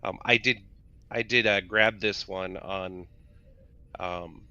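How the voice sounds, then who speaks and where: Bright-toned male co-host, lo-fi audio. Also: low-pitched, fairly even intonation, slow pace. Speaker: podcast co-host. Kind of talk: casual chat and read promo. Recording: dull lo-fi audio.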